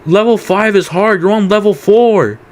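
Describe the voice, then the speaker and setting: A man voicing an angry, short-tempered male venue owner who scolds loudly. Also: high voice, normal speed, pitched above the performer's own voice, lightly acted. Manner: shouting, exasperated scolding.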